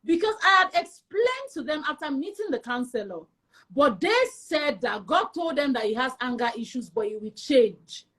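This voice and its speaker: Woman, young adult, Nigerian accent, high-pitched, emphatic, animated storytelling, interview guest. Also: normal speed, breathy edge. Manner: emphatic and animated, acts out quoted voices. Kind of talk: candid personal storytelling in an interview.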